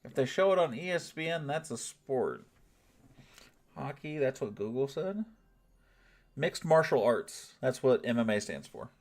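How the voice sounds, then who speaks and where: A man from the United States hosts a relaxed livestream, talking straight to his viewers. His delivery is casual and full of cursing and teasing. His voice swings widely in pitch. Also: unhurried, pauses often. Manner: laid-back, swears freely, laughs often, teases chat. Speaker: streamer reading and answering chat.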